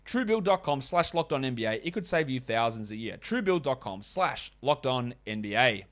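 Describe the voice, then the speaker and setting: The man's voice has a sing-song quality, medium in pitch and fairly bright. As host of a fantasy basketball podcast, he rattles off quick stat rundowns and ad reads, full of chatty, dry asides.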